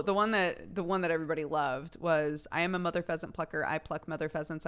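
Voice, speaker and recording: A woman's voice: lowish voice, a bit bright, clear, resonant tone. A woman streamer chatting casually and playfully on a livestream, laughing often as she tries out tongue twisters.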